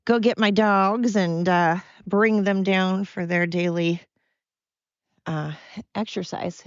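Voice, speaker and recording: Blunt, low-voiced American woman podcaster. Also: steady tone, slow pace, smooth, dry recording. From United States. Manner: blunt, candid, rambling. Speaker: podcast host. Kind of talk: casual solo monologue. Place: at home with her dogs. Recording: dull, dry lo-fi sound.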